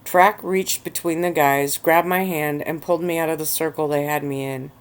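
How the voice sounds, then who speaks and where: Casting: woman with a low voice, unhurried ASMR reading of a story from her bed. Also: fairly even intonation, clean tone. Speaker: narrator. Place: bed with pillows at home.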